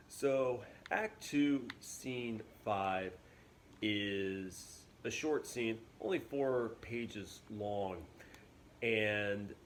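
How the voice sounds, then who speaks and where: Chill guy teacher talking slow through a lesson, mid-pitch, lots of ums, bit of faint hiss. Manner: relaxed, chatty, lots of fillers. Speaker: English teacher. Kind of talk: casual classroom video lesson.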